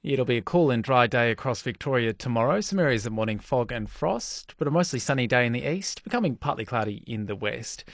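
A man's voice: mid-range voice, gravelly, no room sound, clean studio sound. A man reading a radio news and weather bulletin. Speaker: newsreader. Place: radio studio.

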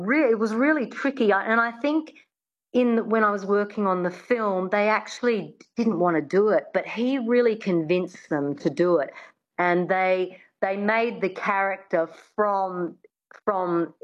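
A woman's voice: medium pitch, lo-fi sound. A woman working as a dialect coach, answering interview questions in a chatty way, often restarting with "I mean".

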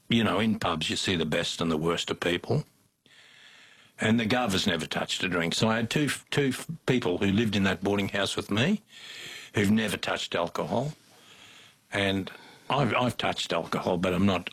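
With a deep, fairly bright voice edged with breathiness, an older man with an Australian accent tells folksy stories in a casual interview. He chuckles frequently as he spins his yarns.

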